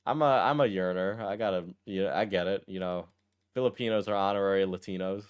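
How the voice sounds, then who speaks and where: A man with a lowish voice reads a long post aloud in a casual stream. His delivery stays clear and smooth. He breaks off often to add dry, deadpan remarks. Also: brisk, lo-fi sound. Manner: wry, deadpan asides between read passages. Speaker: streamer reacting to a text post. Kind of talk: casual commentary while reading aloud.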